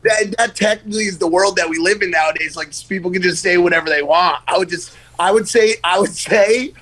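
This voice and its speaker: A man's voice: high-pitched, fairly quick, a bit bright, rough recording. A man guesting on a podcast, talking in a loose, rambling way full of swearing. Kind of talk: casual chat.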